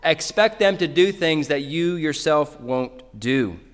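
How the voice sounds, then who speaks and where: A man's voice: a little high, expressive, slow pace, big-room sound. A man preaching a sermon in a church, earnestly addressing parents directly. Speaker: pastor.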